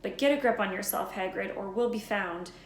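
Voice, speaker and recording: A woman voicing a stern older female witch professor who speaks in a brisk, hushed, scolding manner, in a roomy room. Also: medium pitch, natural voice. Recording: roomy echo.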